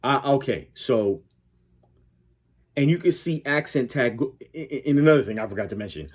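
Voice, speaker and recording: A man's voice: medium pitch, animated, normal speed. A man hosting a reaction video, talking in a blunt, profane, argumentative way. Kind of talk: casual reaction commentary.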